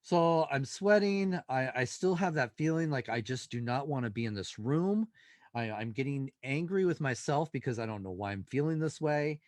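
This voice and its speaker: A male paranormal investigator, a guest in an interview, telling a story in an animated way and acting out the dialogue. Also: mid-range voice, normal speed, no echo.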